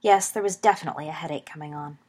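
A woman narrating a story aloud in a calm, even reading style. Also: low-pitched, racing. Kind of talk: audiobook reading of fan fiction.

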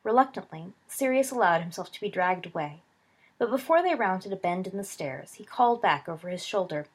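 Brief: steady, soft woman audiobook narrator, husky tone. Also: mid-range voice, fairly quick. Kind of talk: storybook narration.

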